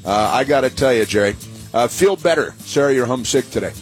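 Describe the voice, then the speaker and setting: A man's voice: mid-range voice, expressive, fast, music in the background. A man hosting a talk radio show, rambling sarcastically with many fillers and restarts.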